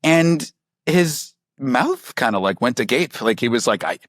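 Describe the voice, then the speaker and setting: A man being interviewed, telling stories in a lively, conversational way and acting out the people he quotes. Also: mid-range voice, measured pace, no room sound, clean studio sound. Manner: animated storytelling, acts out quoted people. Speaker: author and reporter, guest.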